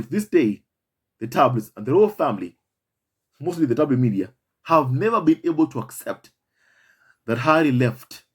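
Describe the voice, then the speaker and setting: Husky man giving impassioned commentary. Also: medium pitch. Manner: emphatic and repetitive, addresses viewers as "my family". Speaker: commentary channel host.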